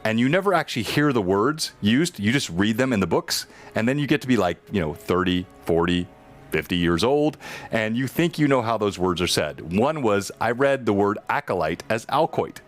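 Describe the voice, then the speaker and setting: Chatty game master man, low voice. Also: expressive, normal speed. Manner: chatty, self-deprecating word talk. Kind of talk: running a tabletop game, casual chat.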